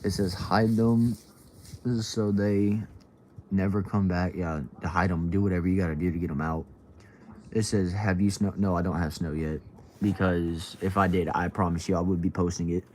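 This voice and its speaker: Deep, mellow-voiced young man streaming. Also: fairly even intonation, moderate pace, a little hiss or hum. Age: young adult. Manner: laid-back, drawling, says bro and y'all. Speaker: livestream host. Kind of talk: casual livestream chat reading comments. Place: at home indoors. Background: faint TV sound from another room.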